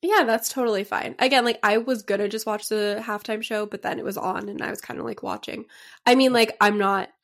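A woman's voice: medium pitch, steady tone, fairly quick, a bit bright. A young woman co-hosting a podcast, chatting casually with lots of fillers and giggles. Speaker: podcast co-host. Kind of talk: casual chat.

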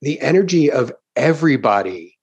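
A man's voice: medium pitch, sing-song, normal speed, darkish tone, husky, muffled recording. A middle-aged man, a stand-up comedian, telling a story in casual chat, swearing often and acting out the crowd's reactions.

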